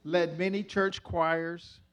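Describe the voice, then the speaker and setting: A man giving a spoken church testimony, measured and heartfelt, speaking slowly and deliberately. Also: fairly high pitch, little pitch movement, a bit bright, clear, resonant tone. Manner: slow, heartfelt, measured delivery.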